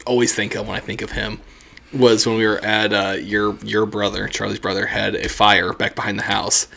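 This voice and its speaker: A man's voice: lowish voice, normal speed, vocal fry. A young man co-hosting a podcast, chatting casually and telling stories, laughing often. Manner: laughs often, animated storytelling. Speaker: podcast host.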